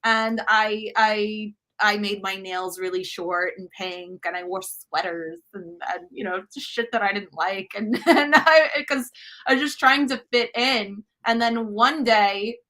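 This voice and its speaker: A woman's voice: medium pitch, a little slow, pushed and bright. A woman in her thirties, a cooking show host from the United States, talking frankly and emphatically as a guest in a casual interview. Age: 30s.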